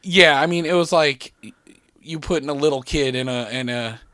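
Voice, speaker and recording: A man's voice: fairly high pitch, moderate pace, sharp tone, no room sound, studio quality. A man telling a long, rambling story on a podcast in a casual chat, swearing often and breaking into laughter. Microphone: podcast studio mic.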